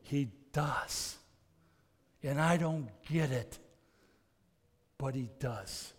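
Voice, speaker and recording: A man's voice: medium pitch, very slow. Earnest man preaching in a reverberant hall. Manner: earnest, swings from loud emphasis to soft intimate tones. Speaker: pastor. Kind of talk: sermon. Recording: long reverb of a large hall.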